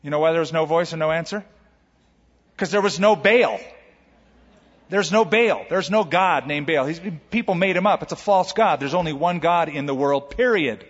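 Emphatic preacher, reverberant lo-fi. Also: male voice, on the high side, a little fast, few pauses. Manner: animated, emphatic, humorous. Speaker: pastor. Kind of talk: sermon. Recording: lo-fi with long hall reverb.

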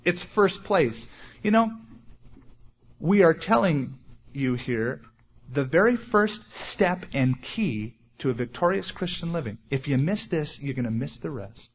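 A man preaching a sermon in an earnest, deliberate way, slowing down and rising in force on questions. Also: on the high side, husky, lo-fi sound. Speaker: pastor.

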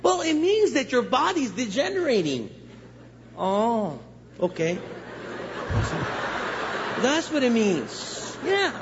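High-voiced, jokey older preacher. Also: male voice, takes it slowly, long pauses. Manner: jokey, animated, laughing at his own stories. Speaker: guest pastor. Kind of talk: humorous storytelling sermon. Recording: echoey church hall, dull muffled sound, faint hiss.

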